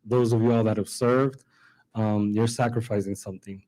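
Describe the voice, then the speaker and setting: A city councilman speaks earnestly at a public event. His voice is low and mellow, with a flat, even delivery, and he often restarts his phrases. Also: normal speed, low-quality recording. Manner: earnest, repeats words as he restarts. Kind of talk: public remarks.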